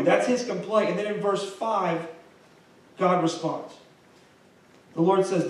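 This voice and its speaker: Man, young, preacher, sermon, high voice, conversational with restarts, heavy church echo. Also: steady tone, normal speed, a little mellow. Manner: conversational, repeats and restarts phrases, rising intensity on quoted prayers. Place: large church sanctuary. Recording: echoey hall from a distance.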